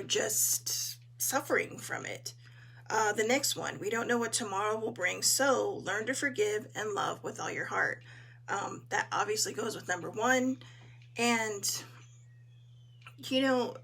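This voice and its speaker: Woman host, husky hoarse voice, casual encouraging chat, greets viewers. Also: mid-range voice, a bit bright. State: hoarse, clearing her throat. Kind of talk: casual live-stream talk.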